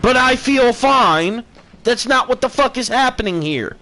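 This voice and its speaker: A man's voice: very high-pitched, animated, unhurried, bright, forceful tone. A man streaming a profane, sarcastic rant that mocks people with put-on voices. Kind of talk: ranting commentary.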